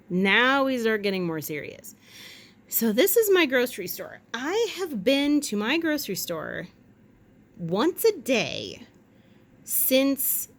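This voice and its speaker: A woman chatting at home in a rambling, jokey way, with quick asides and silly voices. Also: fairly high pitch. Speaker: vlogger. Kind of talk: casual chat.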